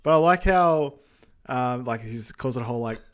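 A man's voice: mid-range voice, animated, moderate pace, smooth. Laid back guy on a movie podcast, lots of ums and yeahs. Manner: easygoing, lots of fillers and agreeing interjections. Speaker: podcast co-host. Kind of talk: casual film recap chat.

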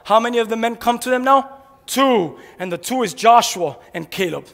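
Fiery high-voiced male preacher, echoing hall. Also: lively intonation, normal speed, gravelly. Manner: fiery, shouting preacher with sharp jabs and drops to a hush. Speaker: pastor. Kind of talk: sermon. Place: church sanctuary. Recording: long echo of a large hall.

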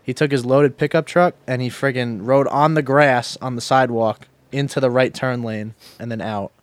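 A man telling stories in casual chat, animated and swearing casually. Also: mid-range voice, moderate pace, dry recording.

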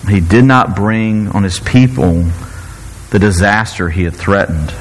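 A man preaching a sermon in an animated, playful way, often breaking off and restarting his sentences. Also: lowish voice, a little slow, long reverb tail, low-quality recording. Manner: animated, self-interrupting, playful asides. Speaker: pastor.

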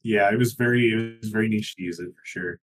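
Low-voiced man explaining game mechanics. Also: quick pace, a little hiss or hum. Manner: explanatory, many ums and likes, laughs easily. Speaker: podcast co-host. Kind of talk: casual gaming podcast chat.

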